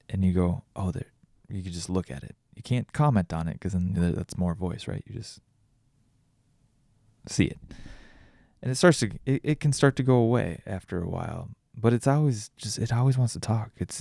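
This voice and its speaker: A deep, gravelly, warm-toned man talks at a moderate pace on his own podcast, sounding tired. The studio-quality recording has no room sound, and his casual reflection wanders with frequent restarts as he thinks aloud.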